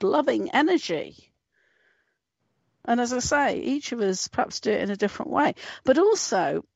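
Chatty woman with a lively voice. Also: a little high, creaky, dry recording, muffled recording. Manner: chatty, laughs often, swears casually. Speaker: guest. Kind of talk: casual video-call chat.

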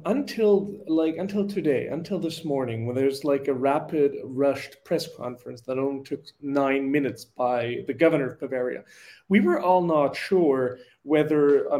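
Lively man telling a story. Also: a little high. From Austria. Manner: animated storytelling, acts out quotes, many fillers. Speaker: podcast co-host. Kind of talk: casual political chat.

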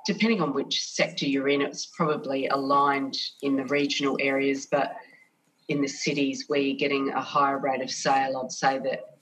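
A middle-aged woman talks through her answers in a measured, thoughtful way. Her voice sits very low and stays flat and even. She is heard a little away from the microphone. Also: distant mic, slight background noise, low-quality recording. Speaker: business development manager, guest. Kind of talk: conversational interview.

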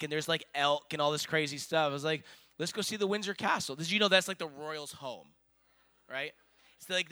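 A middle-aged man preaching, telling a story in an animated, excitable way. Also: on the high side, clean tone. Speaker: pastor. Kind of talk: sermon storytelling.

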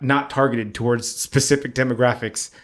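Man, relaxed co-host, giggly, hesitant phrasing. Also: mid-range voice, normal speed. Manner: relaxed, laughs easily, hesitant. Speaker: podcast co-host. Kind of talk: casual chat.

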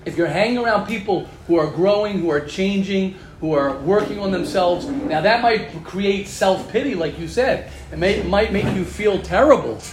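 In an echoey room with background noise, a man with a high voice and lively intonation leads an energetic religious class at a moderate pace, hardly pausing. He's emphatic and motivational, repeating key phrases and addressing students directly.

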